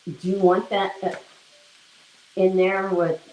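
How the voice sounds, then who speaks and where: A woman hosting a live stream talks with viewers in an unhurried, easygoing way while she cooks. Her chat rambles and she often laughs. Her pitch sits in an ordinary middle range. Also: little pitch movement, darkish tone, poor audio. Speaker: livestream host.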